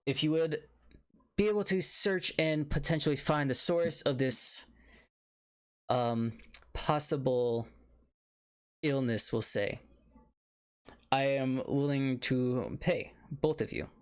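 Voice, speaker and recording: A male game master narrating a tabletop game and speaking as a worried town leader, in a mid-pitched, even voice. He talks haltingly and calmly, often pausing on a filler before going on. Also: smooth.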